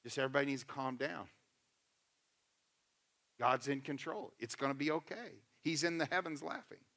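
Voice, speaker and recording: A pastor voicing a calm old king. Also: medium pitch, normal speed, natural voice. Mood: reassuring. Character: calm wise old male king psalmist.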